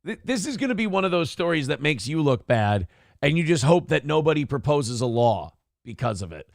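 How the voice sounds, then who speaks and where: A man's voice: on the high side, sing-song, a little fast, vocal fry, no echo, clean studio sound. A man hosting a livestream talk show. He reads viewer comments aloud and rants with plenty of profanity. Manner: ranting and profane. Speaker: live show host.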